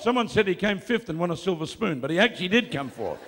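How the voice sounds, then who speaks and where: A man preaching a live sermon, telling stories with jokes and building to loud proclamations. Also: high voice, fast, hardly any pauses. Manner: lively storytelling with jokes, rising to loud proclamation. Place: church or hall with a live audience.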